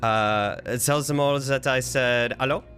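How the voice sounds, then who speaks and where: A man's voice: mid-range voice, a little slow, fairly bright tone, faint music behind, lightly acted. Guy doing a goofy fake german accent, way overdone. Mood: jovial. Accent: put-on German. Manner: exaggerated, hammy. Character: man with a deliberately terrible German accent.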